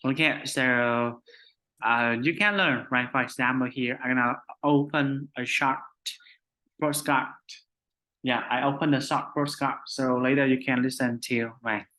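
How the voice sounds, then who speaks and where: A man with a Vietnamese accent teaching an English conversation class, speaking slowly and repeating himself, ending most phrases with "right?". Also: mid-range voice, fairly even intonation, pushed and bright, low-quality recording. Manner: slow, repetitive, adds "right?" after most phrases. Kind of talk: online conversation lesson.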